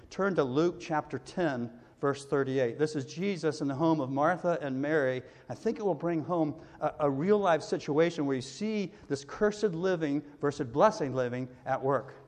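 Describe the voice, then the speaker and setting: A male pastor preaching a sermon in a conversational way, now and then acting out the people in the story. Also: fairly high pitch. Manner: conversational preaching with acted-out quotes. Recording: long hall reverb.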